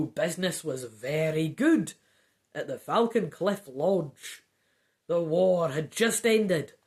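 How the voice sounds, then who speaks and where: A woman putting on a thin, mustachioed Scottish gentleman writer, affable and drawn out. His lowered Scots voice rolls through a tale, with lively pitch.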